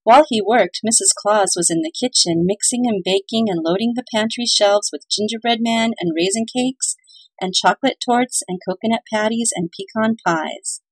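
Husky woman reading a story aloud. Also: fairly high pitch, expressive, moderate pace, no room sound, poor audio. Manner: cheerful, playful announcer delivery. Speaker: radio-style story reader. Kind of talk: scripted narration and reading.

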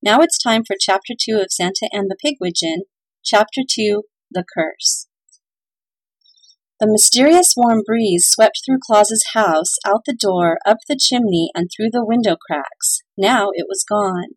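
A woman's voice: medium pitch, measured pace, breathy edge, no room sound, poor audio. A woman narrating a children's Christmas story in a playful, cheerful announcer manner. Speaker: radio-style story reader. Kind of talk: scripted narration and reading.

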